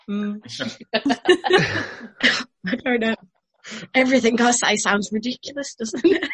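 A woman's voice: fairly high pitch, slow pace, long pauses, fairly bright tone, breathy edge. A woman guest on a panel chat who talks in a hesitant, self-conscious way.

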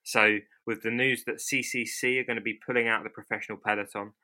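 Bright-voiced young podcast host. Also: male voice, fairly low pitch, little pitch movement, fast talker. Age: 20s. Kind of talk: casual podcast chat.

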